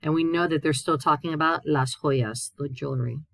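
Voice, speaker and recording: A Spanish teacher, a woman whose voice is low, dark-leaning and creaky, moves fairly quickly through a grammar lesson in a recorded classroom session. She voices each example, then patiently gives its translation. The sound is close and dry, with no echo from the room.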